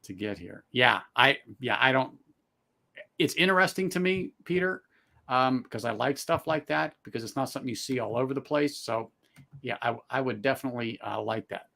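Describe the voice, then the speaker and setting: A man's voice: medium pitch, moderate pace, creaky, bright, forceful tone. Easygoing man joking on a stream. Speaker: stream guest. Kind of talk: casual live-stream chat.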